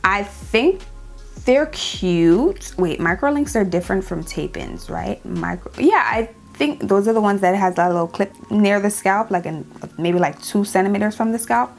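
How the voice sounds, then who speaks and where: A woman's voice: medium pitch, expressive, moderate pace, vocal fry, faint music behind. A young woman with a New York accent chatting casually in a Q&A vlog, sassy and repeating lines for emphasis. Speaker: beauty YouTuber.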